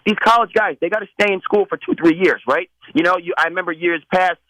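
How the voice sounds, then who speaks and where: A man with a New England accent calling in to a sports radio show, talking in an animated, rambling way full of asides. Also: high-pitched, fast, dry recording, low-quality recording. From Massachusetts. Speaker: radio call-in caller. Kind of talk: phone-in sports chat.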